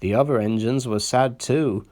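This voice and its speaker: A man reads a children's storybook aloud, telling it expressively. His voice sits in the mid range, and he speaks at a normal speed.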